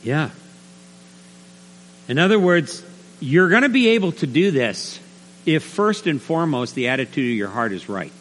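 Animated man preaching in a reverberant hall. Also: fairly high pitch, moderate pace. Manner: animated, acts out little scenes with put-on voices. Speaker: pastor. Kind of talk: sermon. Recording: reverberant hall with faint mains hum.

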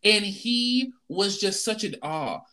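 Emphatic man with a lively, swooping voice. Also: high voice, takes it slowly. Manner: emphatic and blunt, repeats punchlines. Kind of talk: casual opinion chat.

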